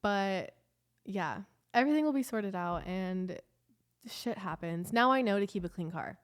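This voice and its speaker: A woman's voice: mid-range voice, expressive, unhurried. Rambling emotional young woman vlogger. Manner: emotional, rambling, lots of "like" fillers. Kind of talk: casual confessional chat.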